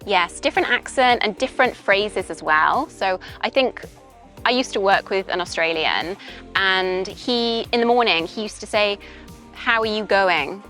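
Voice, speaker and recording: A young British woman from Wales, who teaches English, chats casually in an outdoor interview in a park, explaining with examples. Her voice is medium-pitched, expressive, and a bit bright at a moderate pace, captured on a handheld voice recorder with faint music behind.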